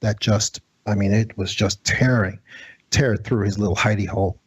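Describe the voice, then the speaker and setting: A man, a radio show guest, telling an eerie true-life story in a halting, dramatic way. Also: on the low side, fairly even intonation, slightly rough, dry recording. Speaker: guest, former federal agent.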